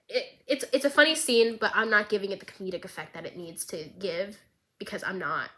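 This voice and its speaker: A young woman vlogger recapping a show in a casual, excitable, rambling way, swearing freely. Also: on the high side, a little fast, poor audio.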